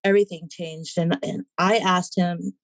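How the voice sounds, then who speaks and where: Dry, lowish woman telling her story. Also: moderate pace, no room sound. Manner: animated, acts out the voices in her stories. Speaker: podcast guest. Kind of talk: personal storytelling in a casual interview.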